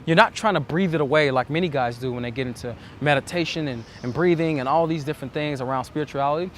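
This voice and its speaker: On the high side and quick, with a little hiss or hum in the recording, a man coaches listeners on dating. His instructional monologue is earnest and reflective, and he acts out the self-talk he describes.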